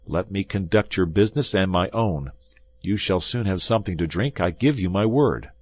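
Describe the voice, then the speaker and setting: A man's voice: deep voice, animated, normal speed, darkish tone, no room sound. A man voicing a bold young male swordsman from a classic adventure audiobook, firm and commanding with a raised voice.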